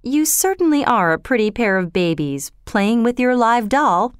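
A woman's voice: on the high side, very animated, normal speed, clean tone, dry recording, studio quality. A woman voicing stern older society mother. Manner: sharp, scolding.

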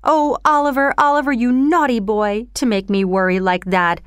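A woman reading aloud plays a scheming young con woman with a high, shrill, showy voice. She pleads in an overacted way, smooth and clear in a dry recording. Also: steady tone, normal speed, no room sound, close to an everyday voice. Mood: theatrical. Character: scheming young woman thief, loud and theatrical.

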